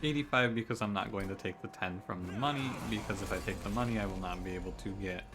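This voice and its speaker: A man's voice: on the low side, fast. A man giving casual, chatty commentary while playing a video game, talking himself through choices with jokey, exasperated outbursts. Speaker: gaming streamer. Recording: game music behind the voice.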